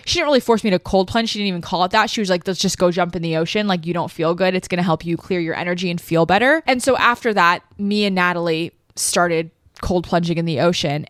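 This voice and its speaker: A woman's voice: on the low side, fairly bright tone, no echo. Emotional woman podcaster, dry sound. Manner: emotional, tearful at times, many "like" fillers. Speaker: podcast host. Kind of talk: personal storytelling. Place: living room.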